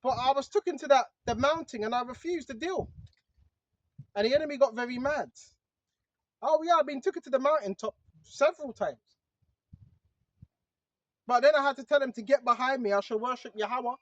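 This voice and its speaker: A man's voice: very high-pitched, brisk, long pauses, no echo, lo-fi sound. A man giving a casual religious monologue to his viewers, talking conversationally and often tossing in "bro" and "right?". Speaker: online preacher.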